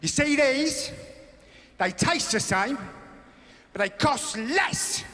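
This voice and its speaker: A man with a British accent doing a loud, fired-up male TV food presenter in a stand-up routine. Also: very high-pitched, lively intonation, slow pace, echoey room, pitched above the performer's own voice, heavily acted. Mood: rousing. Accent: British English. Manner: bellowing, fired-up. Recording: live venue with loud crowd.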